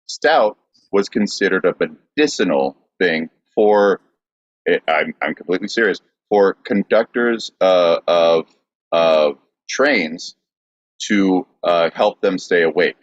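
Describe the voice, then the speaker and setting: A man co-hosting a podcast, presenting history from notes in a halting way with fillers. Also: sits low, no echo, muffled recording. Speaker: podcast co-host.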